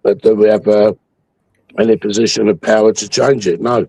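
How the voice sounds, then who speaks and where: A man's voice: on the low side, fairly even intonation, normal speed, vocal fry, mellow, slightly rough, no echo, poor audio. A man hosting a livestream, ranting angrily with heavy swearing about politics. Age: 60s. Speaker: livestream host. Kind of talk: heated political chat.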